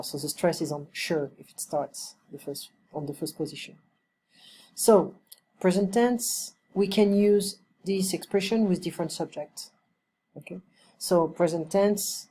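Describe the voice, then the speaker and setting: A woman tutoring English on a video call, her voice low and mellow. She explains patiently and says each example sentence slowly and clearly. A faint hum of room noise sits behind her. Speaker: English teacher. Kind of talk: one-on-one language lesson.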